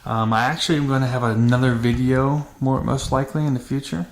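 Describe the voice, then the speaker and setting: Mid-range in pitch, he speaks a little fast with fairly even intonation. As host of a dirt bike vlog, he talks to camera in a relaxed, matter-of-fact manner with frequent fillers and restarts, recorded in an echoey space with faint noise.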